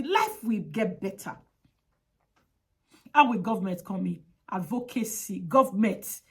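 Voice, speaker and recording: An advocate makes an impassioned public appeal, speaking emphatically and repeating her direct demands. Her voice sits high and has a fairly bright tone.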